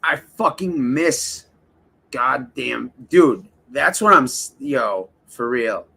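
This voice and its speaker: Gravelly, husky man rambling on stream. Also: mid-range voice, expressive, slow pace, pushed and bright. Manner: rambling, heavy swearing, talks straight to the chat. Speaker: livestream host. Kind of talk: casual livestream chat with viewers.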